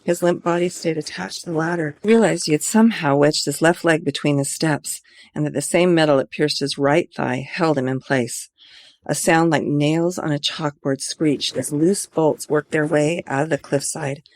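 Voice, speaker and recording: A woman's voice: low-pitched, moderate pace, a little mellow, no echo. A woman author reading her own mystery novel aloud in an earnest, amateur way.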